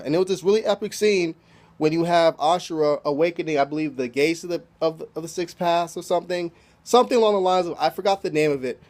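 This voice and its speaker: A man's voice: on the high side, darkish tone. A man casually recapping an anime episode, loose and profane, packing his talk with "you know" fillers. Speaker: anime reviewer.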